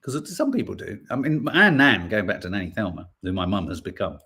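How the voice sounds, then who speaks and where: A man's voice: fairly low pitch, lively intonation, fairly quick, sharp tone, breathy edge. A man from Birmingham hosting a podcast, casually reading out headlines and viewer comments with jokey, playful asides. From Birmingham, England. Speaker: podcast host.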